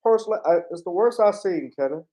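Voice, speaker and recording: A man's voice: high voice, lively intonation, fast, dark tone. A man doing a mocking impression of a male athlete speaking as a rambling surgeon.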